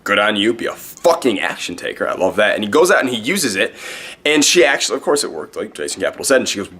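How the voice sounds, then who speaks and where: A man's voice: fairly low pitch, sing-song, pushed and bright, slightly rough. A young man giving dating advice in a brash, cocky, profane way, speaking straight to the camera. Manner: brash, profane, fast-talking; cocky, self-promoting. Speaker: dating coach. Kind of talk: direct-to-camera advice vlog.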